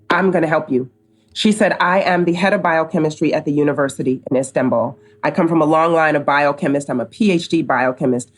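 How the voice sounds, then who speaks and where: A middle-aged woman from the United States, speaking low as a podcast guest. She tells her story casually and brings each quoted person to life. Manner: animated storyteller, acts out quoted dialogue. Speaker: company co-founder, podcast guest.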